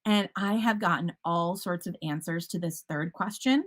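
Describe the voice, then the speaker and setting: A woman's voice: fairly low pitch, normal speed. A woman teacher giving a conference presentation, upbeat and enthusiastic, with casual fillers and self-corrections. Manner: upbeat, enthusiastic, a bit punny.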